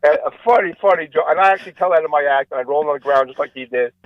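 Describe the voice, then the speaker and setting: A man, a comedian guest, telling jokes in a rambling, animated way. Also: a little high, very fast, dull audio. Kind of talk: casual storytelling interview.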